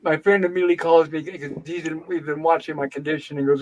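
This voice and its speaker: A high-pitched man hosting an open-mic livestream. He tells his story in an animated, indignant way, venting as he goes, in a loose conversational style. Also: fast, dull audio. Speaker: livestream host. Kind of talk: casual storytelling chat. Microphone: home livestream setup.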